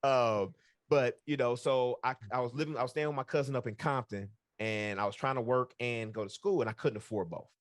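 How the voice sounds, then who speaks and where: A man co-hosting a podcast, telling a long personal story in a relaxed, rambling way, full of fillers and acted-out dialogue. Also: medium pitch, fairly quick, no echo, studio quality. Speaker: podcast co-host. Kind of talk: casual storytelling chat.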